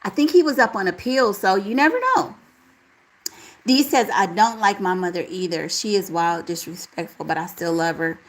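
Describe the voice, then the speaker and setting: A woman hosting a casual live chat, reading out viewer comments and answering them in a relaxed, talkative way. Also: mid-range voice, moderate pace, rough recording. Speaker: livestream host reading chat.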